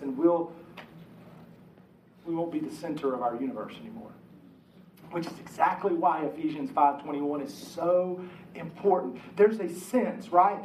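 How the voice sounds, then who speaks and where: A man's voice: on the high side, darkish tone, a little hiss or hum. A man preaching a conversational sermon, slipping into the voices of the people he quotes. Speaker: pastor. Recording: echoey room, mic from a distance.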